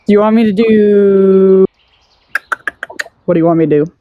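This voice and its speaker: A woman with a mid-pitched voice plays a tabletop game, talking casually and playfully with frequent laughter. The sound is dull and lo-fi. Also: normal speed, slight background noise. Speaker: player.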